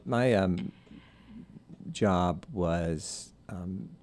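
A deep-voiced middle-aged man from Alabama talks through an easy, laid-back interview. He stretches his words out and chuckles along, never in a hurry. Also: drawn-out words, darkish tone. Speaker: guest, author and artist. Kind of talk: casual interview chat.

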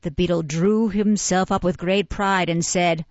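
A woman narrating a classic novel in a measured, dryly ironic storytelling manner. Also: on the low side, fairly even intonation, no echo, highs cut off. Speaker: audiobook narrator. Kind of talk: classic novel read aloud.

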